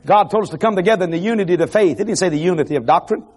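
A man preaching an animated evangelical sermon to a congregation on television, laughing and shouting asides as he goes. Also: high voice, rapid-fire, breathy edge. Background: faint congregation crowd.

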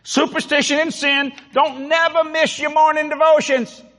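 A man's voice: extremely high pitch, little pitch movement, moderate pace, bright, forceful tone. A man from New Orleans with its accent, preaching an emphatic, folksy storytelling sermon. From New Orleans, Louisiana. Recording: long hall reverb.

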